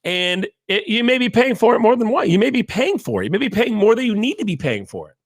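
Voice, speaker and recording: Lively, animated man hosting a podcast. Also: sits high, quick pace, dry recording, studio quality. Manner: animated, rambling, jokey asides. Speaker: podcast host. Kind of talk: casual monologue.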